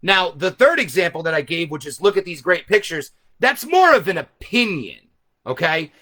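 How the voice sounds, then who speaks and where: A man hosting a live stream, explaining his point loudly and emphatically to viewers from a camera set some way back. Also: high voice, sing-song, moderate pace. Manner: speaks loudly. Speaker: host. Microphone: camera set back from him.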